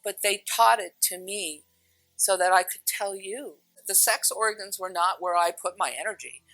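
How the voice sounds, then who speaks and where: A woman talks casually as a spiritual teacher, her voice bright and forward. She tells stories in an animated way, acting out what others said. The sound is dry and close, with faint music underneath. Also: medium pitch, moderate pace, dry recording, poor audio. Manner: animated storyteller, acts out quotes.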